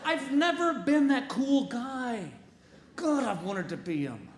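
Animated self-mocking male comedian, echoey stage. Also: extremely high pitch, slow, slight background noise. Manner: animated, self-mocking, laughing at his own jokes. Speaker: stand-up comedian. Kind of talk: stand-up storytelling.

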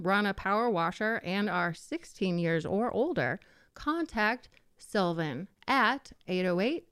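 Chatty radio host woman, smooth voice. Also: medium pitch, no room sound, studio quality. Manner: chatty, playful, teasing. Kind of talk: casual radio chat. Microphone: studio microphone.

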